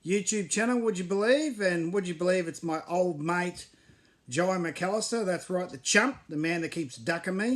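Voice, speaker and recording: Loud aussie bloke in his 40s, swearing and trash-talking, high-ish voice. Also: animated, moderate pace. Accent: Australian. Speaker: host. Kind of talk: casual chat.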